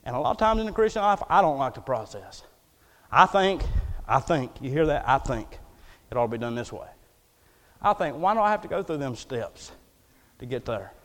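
A man's voice: medium pitch, sing-song, moderate pace. A man preaching a folksy, storytelling sermon in a church, acting out the quotes as he goes. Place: church hall. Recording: echoey hall.

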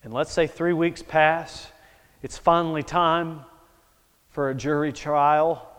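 A male preacher delivering a sermon as a dramatic story, swinging from hushed to loud. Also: on the high side, steady tone, slow, clear, resonant tone. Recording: echoey hall.

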